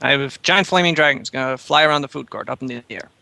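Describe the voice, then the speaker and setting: A man's voice: mid-range voice, fast talker, creaky, sharp tone, dry recording. A man playing a tabletop role-playing game, chatting in a playful, theatrical way. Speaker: player. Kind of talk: casual tabletop game chat.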